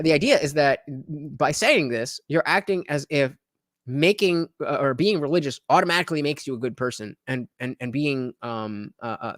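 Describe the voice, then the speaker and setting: A man's voice: on the high side, no echo, studio quality. A man hosting a livestream, reading chat comments and rambling with many fillers. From New Jersey. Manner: rambling, lots of fillers, animated. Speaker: livestream host.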